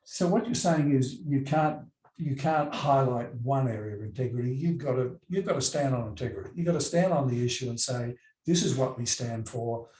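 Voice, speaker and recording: A man's voice: medium pitch, normal speed, darkish tone. An Australian man moderating a live panel in a wry, conversational way. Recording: echoey event room.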